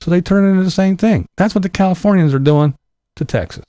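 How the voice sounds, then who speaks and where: A man's voice: high voice, quick pace, dark tone, dry recording, clean studio sound. A man giving an angry, profane political rant as a vlogger, sarcastic and full of mocking mimicry.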